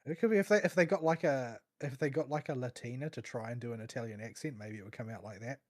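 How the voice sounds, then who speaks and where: A man's voice: medium pitch, quick pace, darkish tone. Hesitant man in a casual chat. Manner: hesitant, many fillers and restarts, dry wit. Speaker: podcast co-host.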